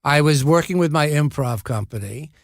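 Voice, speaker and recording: A man in his seventies, an actor and podcast guest, telling wry, self-deprecating stories in a relaxed way, often restarting his sentences. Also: on the high side, moderate pace, vocal fry, dry recording, studio quality. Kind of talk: casual anecdotal storytelling.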